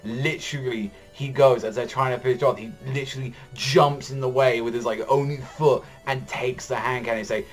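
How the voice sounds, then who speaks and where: A man's voice: medium pitch, normal speed, faint music behind. A young man giving a casual recap of a manga chapter, rambling, filling his talk with "like" and frequent swearing. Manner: rambling, heavy use of "like", swears often. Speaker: anime and manga reaction vlogger.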